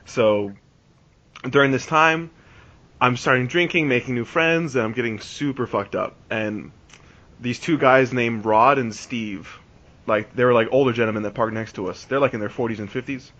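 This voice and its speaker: A man's voice: mid-range voice, moderate pace, a bit bright. A man in his twenties telling a long story on a podcast, rambling and restarting, full of "like". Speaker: podcast host. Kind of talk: casual storytelling. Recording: dull lo-fi podcast recording.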